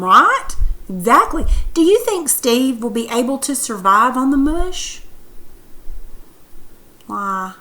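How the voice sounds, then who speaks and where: A woman's voice: fairly high pitch, pushed and bright, poor audio. A woman teacher reading a story aloud and then asking questions about it patiently.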